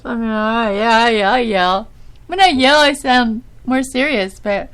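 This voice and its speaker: A middle-aged woman talks through her own podcast in a loose, rambling way, laughing often at herself. Her voice is girlish and a touch whiny, sitting a little high, with a gravelly fry at the edges. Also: lively intonation, slow, pauses often, fairly bright tone. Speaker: podcast host. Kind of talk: casual solo talk.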